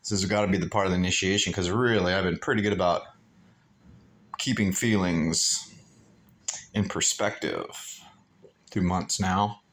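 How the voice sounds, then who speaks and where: A man's voice: low-pitched, fairly even intonation, normal speed, pauses often, a bit bright. A man on a pilgrimage talking to his phone camera in a hotel room, rambling and emotional as he thinks aloud. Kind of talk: rambling vlog monologue.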